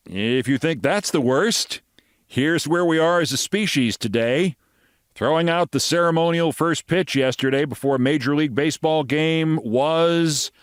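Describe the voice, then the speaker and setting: A man's voice: on the high side, clear, resonant tone, no echo, studio quality. A man in his sixties hosting a political commentary show, with a sarcastic, theatrical delivery and emphatic swings in his voice. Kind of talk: scripted sardonic commentary.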